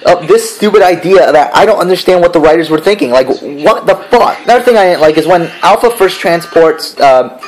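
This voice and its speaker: A man's voice: sits high, expressive, a little fast, low-quality recording. A man giving a casual spoken review, ranting in an exasperated, profane way. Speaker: show reviewer.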